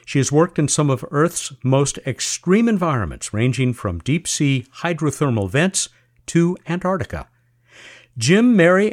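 A man hosting a science radio interview, chatty and lively, with jokey asides. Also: fairly high pitch. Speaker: podcast host.

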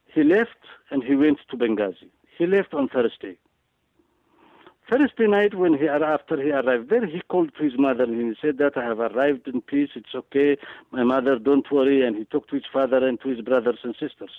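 A man's voice: mid-range voice, no room sound. Emphatic man over a tinny radio line. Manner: halting, repetitive, emphatic delivery with many fillers. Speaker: guest speaker. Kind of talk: political talk.

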